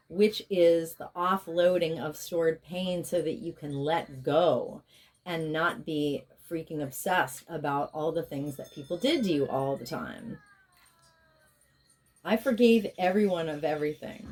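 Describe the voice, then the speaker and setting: A woman's voice: on the low side, slow, a little mellow. A woman giving a spiritual tarot reading in a rambling, chatty way, with stretches of chanted, repeated affirmations. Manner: rambling, chatty asides, drops into intense repeated incantations. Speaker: tarot reader and spiritual healer.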